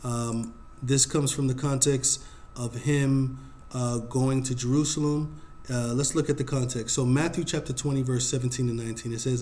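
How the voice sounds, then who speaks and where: A man teaching a Bible study in a casual, unhurried way, reading verses aloud and pausing often to think. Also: mid-range voice, mellow, slight background noise.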